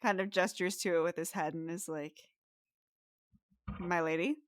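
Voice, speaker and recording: A woman game master narrating a tabletop game in a relaxed, unhurried way with frequent fillers. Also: lowish voice, no echo, clean studio sound.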